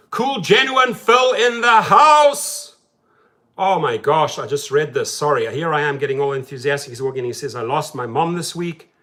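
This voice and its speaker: A man hosting a casual livestream chat from his parked car, talking emphatically and then dropping to a soft, subdued tone. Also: mid-range voice. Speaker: rideshare driver and channel host.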